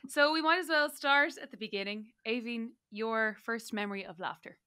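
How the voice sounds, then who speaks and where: A woman's voice: fairly high pitch, normal speed, bright, forceful tone, clean tone. An Irish woman in her twenties hosting a podcast, playful and giggly as she interviews her older sister. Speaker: podcast host. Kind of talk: casual interview chat.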